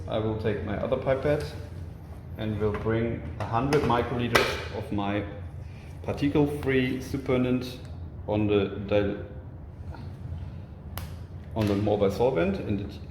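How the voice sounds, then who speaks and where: A man walks through a lab test step by step, pausing often with fillers and restarting his phrases. His voice sits at an ordinary pitch and sounds roomy, with a faint hiss underneath. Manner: halting, many fillers and restarts, step-by-step explaining. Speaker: product demonstrator. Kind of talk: live lab demonstration over a video call.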